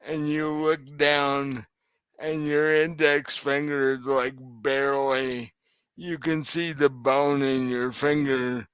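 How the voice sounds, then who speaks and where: Man, game master, tabletop game narration, often laughing, very slow pace, clear voice. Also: medium pitch, flat delivery, fairly bright tone, dry recording.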